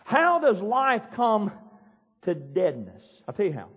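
Male pastor, fiery sermon, husky voice, dull echoey church recording. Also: high voice, wildly swooping pitch, a little slow. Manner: fiery preaching, yells and pounds the pulpit. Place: church sanctuary.

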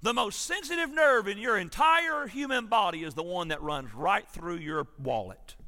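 A man's voice: sits high, expressive, normal speed, hardly any pauses, pushed and bright, in a large hall. A man, a pastor preaching an emphatic, storytelling sermon in a church sanctuary.

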